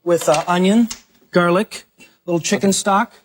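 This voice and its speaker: A man's voice: high voice, normal speed. A man assisting on a televised cooking show in a galley-style kitchen, explaining a recipe in a matter-of-fact way. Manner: matter-of-fact, lists ingredients.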